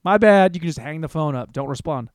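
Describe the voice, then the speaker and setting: A man's voice: on the high side, quick pace, a little mellow, no room sound, studio quality. A man in his thirties hosting a solo comedy podcast. He talks in a crude, rambling, self-mocking way. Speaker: podcast host.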